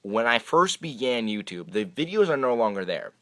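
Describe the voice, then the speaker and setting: A man's voice: medium pitch, very animated, normal speed, fairly bright tone. A young man hosting his own magic channel, answering viewer questions in a chatty, rambling way with many hesitant restarts. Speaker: YouTube magic channel host. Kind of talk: casual Q&A vlog. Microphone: camera microphone.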